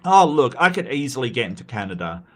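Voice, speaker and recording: A man's voice: medium pitch, very animated, fast talker, a bit bright. An Australian man hosts his own livestream in a loose, casual way. He talks with heated conviction and often trips over his words, restarting and repeating himself as he pushes his point. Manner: impassioned, repetitive restarts. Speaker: livestream host.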